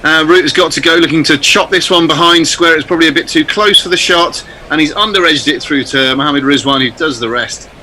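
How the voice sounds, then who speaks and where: Male cricket commentator, very bright tone, live ball-by-ball calls, light background hiss. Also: a little high, a little fast, few pauses, rough recording. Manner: lively calls of the play, then relaxed chat.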